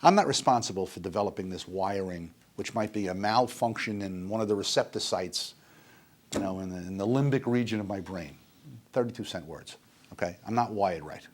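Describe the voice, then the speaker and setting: A man's voice: sits low, brisk, a little hiss or hum. Earnest older man lecturing. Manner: earnest, emphatic, repeats phrases. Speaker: addiction recovery speaker.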